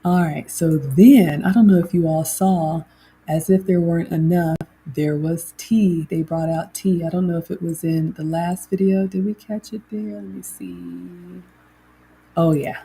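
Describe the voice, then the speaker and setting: Husky, warm-voiced woman chatting. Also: fairly low pitch, a little slow. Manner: chatty, reading viewer comments aloud. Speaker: host. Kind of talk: casual livestream chat.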